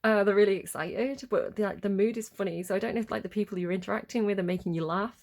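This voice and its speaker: A woman's voice: mid-range voice, quick pace, vocal fry, a little mellow. A woman giving a casual tarot reading, giggly, playful and rambling. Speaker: tarot reader.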